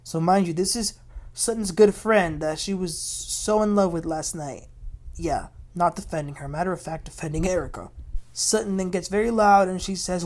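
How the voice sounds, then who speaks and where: Woman, slightly low voice, gossipy casual TV recap host. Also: normal speed, darkish tone. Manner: chatty, gossipy storytelling with reenacted quotes.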